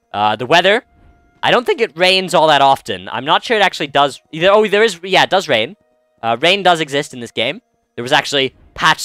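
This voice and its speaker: A man's voice: mid-range voice, bright, forceful tone, clear, resonant tone, dry recording. A man hosting a let's-play, chatting casually and rambling through commentary with many fillers and restarts. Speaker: game let's-play host.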